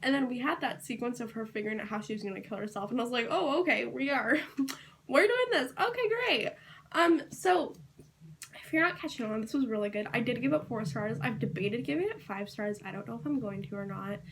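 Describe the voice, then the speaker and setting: A woman's voice: on the high side, fast talker, slight background noise. Chatty, rambling young-sounding woman vlogger. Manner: rambling, filler-heavy, gushing and excitable. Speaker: book vlogger. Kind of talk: casual chatty vlog.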